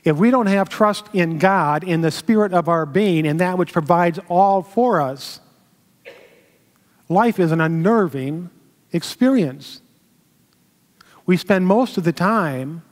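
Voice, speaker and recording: A man minister giving a sermon, telling a story in a slow, measured way with pauses. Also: sits high. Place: temple sanctuary. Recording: long hall reverb.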